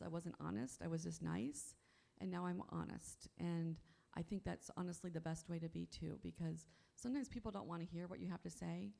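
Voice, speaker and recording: A woman's voice: lowish voice, gravelly, dark tone. A woman speaking at a convention, giving an upbeat motivational talk and often asking her audience "you know what?". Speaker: conference speaker. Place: on stage at a convention.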